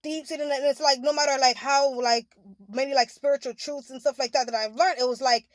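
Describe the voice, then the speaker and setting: A woman's voice: high-pitched, fairly even intonation, a little fast, no room sound. A young adult woman in a candid, emotional confessional monologue, rambling with many restarts and "like" fillers. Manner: rambling, heavy use of "like", restarts. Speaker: spiritual vlogger.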